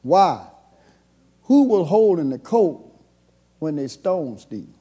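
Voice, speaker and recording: Animated preacher, high voice. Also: male voice, slow, breathy edge. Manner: call-and-response preaching, swings from soft to shouting. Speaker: pastor. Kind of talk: sermon.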